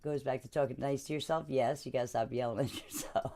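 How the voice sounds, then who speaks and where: A woman sound therapist leading a live sound-healing session, guiding gently and explaining in a loose, chatty way. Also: a bass voice, steady tone, fast talker. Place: home streaming setup. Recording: loud hum of singing bowls and tones.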